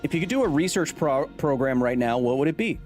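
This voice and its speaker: Lively rambling male streamer. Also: a little high, soft background music. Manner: rambling, self-interrupting, quick to laugh. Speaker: live streamer. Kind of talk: casual live-stream chat.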